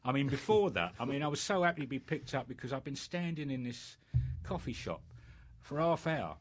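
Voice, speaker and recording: An older man with a British accent tells stories from his youth in a loose, meandering way. He keeps circling back with fillers and restarts. His pitch sits in the ordinary middle range. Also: very animated, brisk. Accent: British English. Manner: rambling anecdotes with many fillers. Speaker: interviewee. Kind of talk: storytelling in casual chat.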